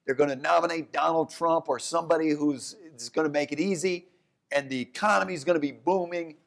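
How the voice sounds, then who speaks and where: A man, an economics professor, talking onstage in a lively, fast way that often breaks off and corrects itself. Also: fairly high pitch, creaky. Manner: animated, talks in quick bursts, restarts and corrects himself. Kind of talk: onstage conversation.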